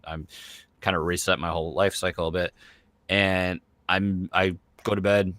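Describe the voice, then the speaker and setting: A man in his thirties with a low, bright, forceful voice, chatting casually as a podcast host. He rambles along, stuffing his talk with fillers. The sound is dry and close, with no room around it. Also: dry recording. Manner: rambling, full of fillers like "like" and "you know". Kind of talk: casual chat.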